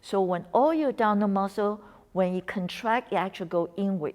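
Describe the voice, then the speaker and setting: A woman's voice: mid-range voice, brisk. Woman coaching a breathing lesson. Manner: coaching, encouraging, slips into soft whispers on cues. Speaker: wellness instructor.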